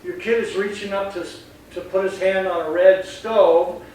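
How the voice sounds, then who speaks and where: High-voiced man explaining in an echoey room. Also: moderate pace. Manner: animated, acts out voices mid-sentence. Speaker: dog trainer. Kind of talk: casual explaining. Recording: echoey room, distant mic, faint noise.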